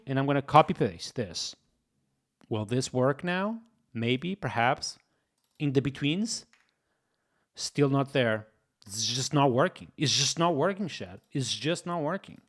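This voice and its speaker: A young man live-streaming while he codes, thinking aloud, repeating himself and talking straight to his chat. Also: a little high. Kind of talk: casual live-stream commentary.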